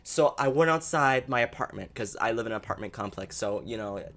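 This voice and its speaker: A podcast co-host chatting casually, an excitable storyteller who rambles with lots of fillers and gasps. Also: mid-range voice, a little fast. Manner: excitable storyteller, gasping and acting out reactions.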